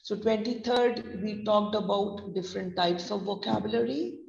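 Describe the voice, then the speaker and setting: Woman teacher spelling words out slowly. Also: mid-range voice, gravelly, a little mellow. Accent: Indian English. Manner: slow, spells words letter by letter. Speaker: English pronunciation trainer. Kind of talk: online lesson, spelling out words. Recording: dull distant roomy audio.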